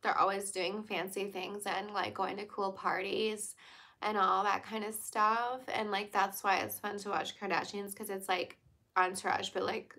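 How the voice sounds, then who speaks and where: A woman's voice: mid-range voice, little pitch movement, normal speed, bright, forceful tone. A young woman from Virginia, chatting casually on a livestream, laughing often and answering viewer comments. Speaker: livestream host.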